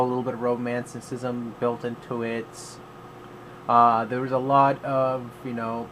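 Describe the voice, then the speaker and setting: A man's voice: mid-range voice, a bit bright, slight background noise, rough recording. A man giving a casual vlog movie review in a rambling, offhand way, with many fillers and restarts.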